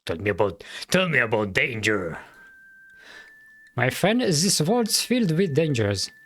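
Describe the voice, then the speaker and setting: A man's voice: medium pitch, sing-song, unhurried, fairly bright tone. A man voicing a weary, philosophical male town sheriff, reading game dialogue aloud in a mock German accent with a friendly, musing manner. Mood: informative.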